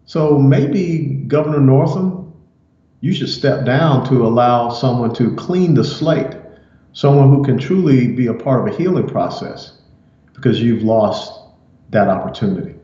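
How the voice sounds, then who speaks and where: A man delivers political opinion commentary in a measured, emphatic way, leaning on key words. His voice is mellow and warm. The recording sounds roomy and a little muffled. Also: medium pitch, animated.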